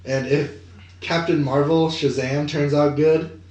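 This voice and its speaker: A man co-hosting a podcast, chatting casually about movie news, animated and profane, with lots of filler words. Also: on the high side, unhurried. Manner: swearing, animated, many "like" fillers. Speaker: podcast co-host. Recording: echoey room.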